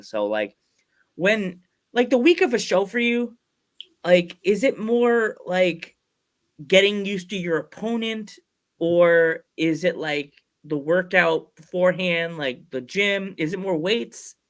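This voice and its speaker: A man's voice: high-pitched, animated. A man hosting a casual podcast interview, telling a rambling story with many restarts and acted-out quotes. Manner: rambling storyteller who acts out quoted voices; halting restarts mid-sentence. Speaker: podcast host.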